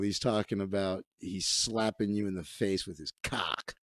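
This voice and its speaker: A man's voice: fairly low pitch, big pitch swings, unhurried. A man hosting a comedy livestream, riffing crudely and profanely with lots of restarts. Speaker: livestream host. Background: faint music playing.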